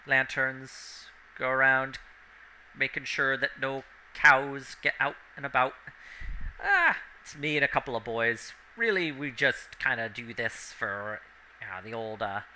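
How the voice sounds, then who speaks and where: A man's voice: mid-range voice, bright, forceful tone, slight background noise, poor audio. A man doing a folksy village watchman. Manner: folksy, plain-spoken. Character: rustic male town watchman and farmer.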